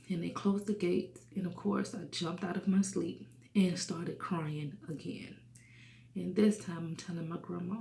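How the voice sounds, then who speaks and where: A woman's voice: lowish voice, steady tone, normal speed, vocal fry, reverberant. A woman in her thirties telling a personal testimony in an earnest way, sometimes dropping to a whisper. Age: 30s. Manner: earnest, hushes to a whisper at sad moments. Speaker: testimony speaker.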